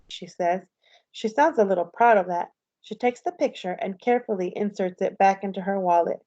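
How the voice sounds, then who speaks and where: A woman teacher reads a novel aloud in a steady storytelling voice. Her tone is mellow and a little dark, and the lo-fi recording dulls it slightly. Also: medium pitch, fairly quick.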